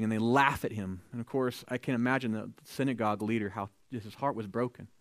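A man preaching a sermon, retelling scripture with lively storytelling, acting out the quoted voices and adding joking asides. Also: medium pitch, fast, hardly any pauses, no room sound, clean studio sound. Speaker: pastor.

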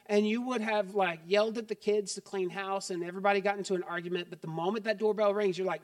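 A middle-aged man preaching a sermon as pastor, conversational and joking, turning quiet and earnest. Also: high voice, fairly even intonation, fast talker, few pauses, no echo, far from the mic.

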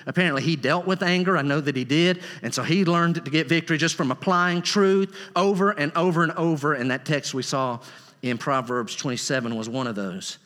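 A man's voice: fairly high pitch, brisk, fairly bright tone. A man preaching a sermon as pastor, earnest and emphatic, repeating key words for weight. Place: church sanctuary. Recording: long hall reverb, church sanctuary.

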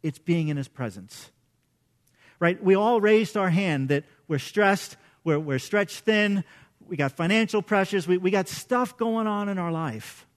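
A man's voice: high-pitched, unhurried. A middle-aged man, a pastor, preaching a conversational sermon with casual storytelling and self-deprecating humor.

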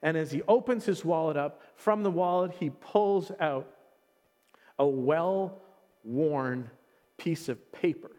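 A man's voice: fairly high pitch, slow pace, darkish tone, in a large hall. A man preaching a sermon, telling a personal story with earnest, emotional delivery and frequent restarts. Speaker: pastor.

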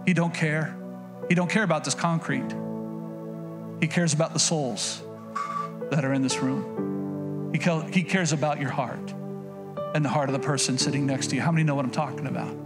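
Backed throughout by clear music in a church recording, a middle-aged Oklahoma pastor delivers a sermon in a voice a touch high for a man. His tone stays steady at normal speed with frequent pauses, and his folksy, conversational style circles back on phrases and slips into acted-out quotes.

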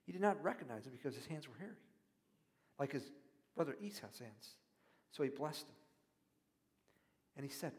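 A male pastor giving a sermon, reading verses and then putting pointed questions to the listeners, going from hushed asides to loud emphatic preaching. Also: medium pitch, expressive, moderate pace, long pauses. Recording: reverberant hall.

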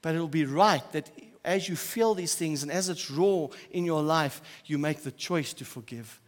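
A man preaching a sermon as pastor, swinging between loud emphatic stretches and quiet, soft asides. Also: fairly high pitch, moderate pace. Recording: church hall with long reverb.

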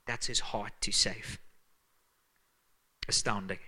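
A man with a Zimbabwean accent preaching a sermon as pastor, earnest and emphatic, dropping to hushed tones for weight. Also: mid-range voice, fairly even intonation, normal speed.

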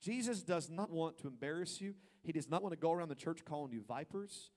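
A male pastor with a fairly high-pitched voice delivers a sermon. He drops to soft, close asides, then builds to loud, emphatic preaching. He slips into playful quoted voices to act out what people think. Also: lively intonation, a little fast.

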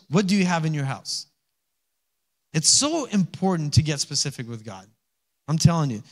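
Man preaching a sermon, high voice, chatty, acts out quotes, swells to loud calls. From Alaska. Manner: conversational preaching, acts out little voices and laughs; rising to loud exhortation. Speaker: pastor.

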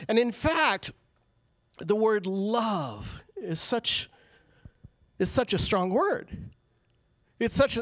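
A male pastor giving a sermon in a conversational way, with quick asides and acted-out quotes. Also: high voice, dry recording.

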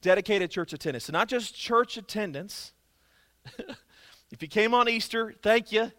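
A man's voice: high voice, lively intonation, normal speed, fairly bright tone, no echo, clean studio sound. A man preaching a sermon as pastor, emphatic and conversational, repeating key phrases for stress.

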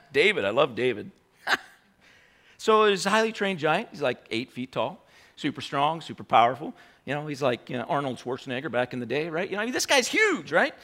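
A man preaching a sermon in an animated way, full of mocking rhetorical questions and frequent laughter. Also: on the high side, brisk.

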